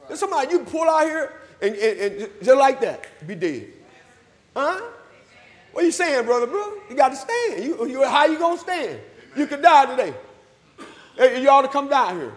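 A man preaching, his voice pitched very high for a man and ringing with the long echo of a church hall. He calls out to the congregation, repeats his lines and climbs to loud emphatic peaks. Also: very animated, normal speed. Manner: call-and-response, repeats phrases, rises to loud emphatic peaks. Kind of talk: sermon with invitation call.

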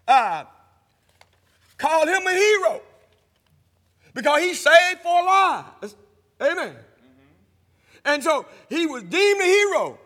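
A man preaching a sermon, using call-and-response and rising to shouts, in a church sanctuary. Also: extremely high pitch. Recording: long hall reverb.

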